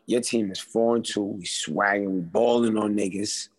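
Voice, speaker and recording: A man's voice: lowish voice, steady tone, moderate pace. A man talking sports in a casual podcast chat, hyped up, slangy and profane.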